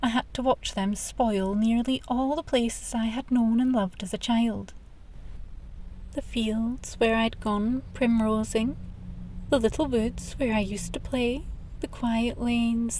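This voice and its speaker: A kindly elderly countrywoman in a hospital bed, talking in a gentle, contented way about days gone by, as a female audiobook reader puts her on. The voice sits fairly high and is soft and unhurried, in the manner of a warm storybook reading. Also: fairly even intonation, a little hiss or hum, rough recording. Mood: wistful. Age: over 60.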